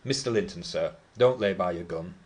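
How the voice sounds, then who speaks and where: A man voicing a rough, suspicious manservant who speaks gruffly and accusingly. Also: sits low, normal speed, close to an everyday voice.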